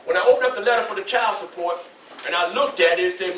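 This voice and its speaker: A Southern US man in his sixties gives a motivational talk to students in a school hall, preacherly and call-and-response, with folksy asides. His voice sits high and a bit bright, and he talks fast. The recording is echoey and distant, with a little hiss or hum.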